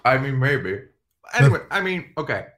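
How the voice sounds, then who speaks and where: A man's voice: mid-range voice, very animated, moderate pace, fairly bright tone. A man co-hosting a stream, chatting casually and profanely, joking and laughing often. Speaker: streamer co-host.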